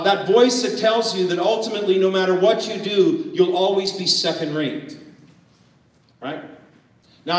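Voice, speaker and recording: A high-voiced man from Canada gives an energetic motivational business talk, asking the audience questions and joking. His voice comes from a distance in a large, echoey hall. Long reverb trails his words. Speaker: business coach giving a talk. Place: event hall with a live audience.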